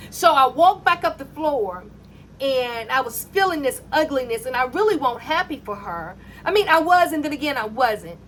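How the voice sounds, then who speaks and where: High-voiced woman telling her testimony. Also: normal speed, a little hiss or hum. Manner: animated, acts out dialogue in her story. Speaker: mother telling a personal faith story. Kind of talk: personal testimony storytelling.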